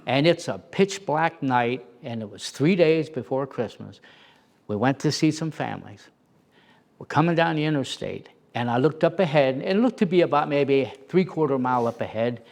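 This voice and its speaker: A man who plays Santa, telling a casual anecdote in an animated way and acting out the voices of the people in it. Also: medium pitch, moderate pace, vocal fry. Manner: animated, acts out quoted voices.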